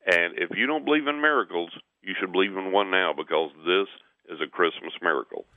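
A man with a very low voice tells a story and acts out the quotes, doubling words and laughing between phrases. The sound is thin and tinny, like a caller on a phone line to a radio show. His voice is dry and close. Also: brisk, dry recording. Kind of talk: animated personal storytelling.

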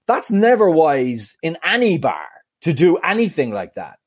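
Animated man in his mid-thirties. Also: on the high side, a little slow, husky. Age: mid-30s. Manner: animated storyteller who acts out other voices. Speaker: podcast co-host. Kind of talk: casual chat, anecdote.

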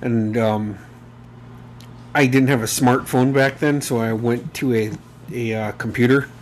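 A man's voice: mid-range voice, fairly even intonation, measured pace, a little hiss or hum. A man in his thirties hosting a casual solo podcast, rambling and emotional, swearing freely and using many fillers. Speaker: podcast host.

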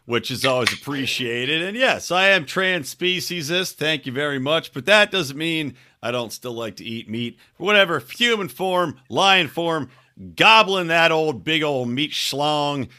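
Crude joking guest with bright radio voice. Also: male voice, on the high side, animated, measured pace. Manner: joking, crude banter, smooth radio-style voice. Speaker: podcast guest, host of another show. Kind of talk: casual podcast chat.

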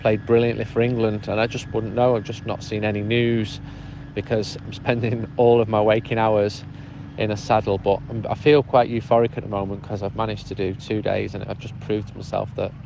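A man with a fairly low voice talks through a casual, easygoing update. He was recorded outdoors, and faint road traffic sits under his voice. He tells his story in a relaxed, chatty way. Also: brisk, gravelly, few pauses, poor audio. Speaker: podcast contributor sending a voice update.

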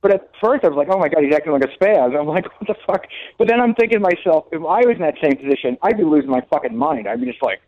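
A man co-hosting a podcast, telling stories in an excitable, profane casual chat. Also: on the high side, rapid-fire, hardly any pauses. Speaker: co-host. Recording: dull lo-fi sound.

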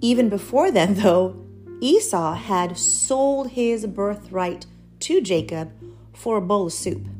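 Slow, chatty woman teaching scripture. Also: medium pitch. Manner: chatty and earnest, laughs between points. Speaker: Bible teacher. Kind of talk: casual devotional teaching. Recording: soft guitar music behind.

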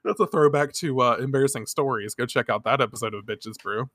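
A man with a bright, forceful tone tells the story on a podcast, animated and expressive. He slips in quick character lines as he goes. The sound is close and dry, with no room around it. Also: medium pitch, no echo. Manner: animated storytelling, briefly quoting characters, gets emotional and laughs. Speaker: podcast co-host recapping an anime. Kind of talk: casual podcast recap.

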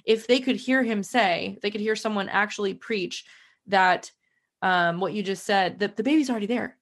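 A woman's voice: medium pitch, moderate pace. A woman hosting a podcast, talking earnestly in casual conversation and reading a sponsor spot. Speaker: podcast host.

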